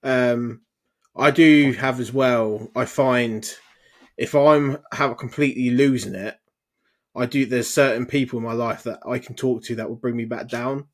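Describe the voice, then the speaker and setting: Flat-voiced man giving laid-back advice. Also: medium pitch, unhurried. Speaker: podcast co-host. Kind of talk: casual chat.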